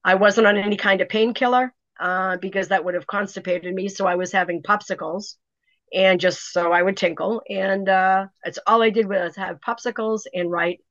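A middle-aged woman, telling a personal story in an interview, animated and full of "you know" fillers. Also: mid-range voice, moderate pace, no room sound. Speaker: author guest. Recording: dry, dull lo-fi sound.

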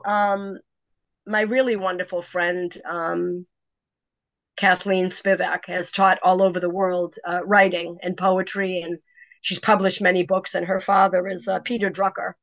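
Animated woman telling a story, dull dry sound. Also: on the low side, no room sound. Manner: animated, dramatic retelling with many restarts. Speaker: interview guest, first-time author. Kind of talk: casual storytelling.

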